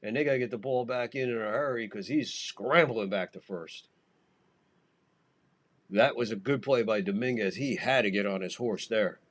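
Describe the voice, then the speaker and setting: A man's voice: fairly low pitch, moderate pace. A man hosting a podcast and calling a baseball game live, in a profane, rambling, jokey way. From United States. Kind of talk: casual live game commentary.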